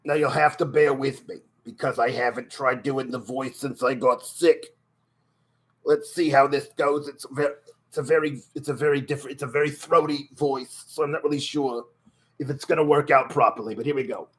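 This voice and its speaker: A man's voice: mid-range voice, fairly even intonation, normal speed, a bit bright, slightly rough. A man giving exasperated live reaction commentary as a streamer, often restarting his sentences.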